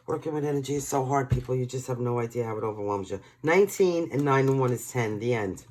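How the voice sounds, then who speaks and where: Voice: medium pitch, fast talker, hardly any pauses, darkish tone. Tarot reader from New York, chatty and emotional, talks straight to viewers in a casual reading.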